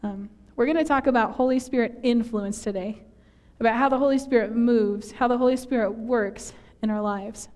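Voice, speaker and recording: A woman's voice: fairly high pitch, moderate pace, few pauses, darkish tone. A woman from northern Minnesota preaching a sermon in a church, chatty and self-deprecating, laughing often at herself.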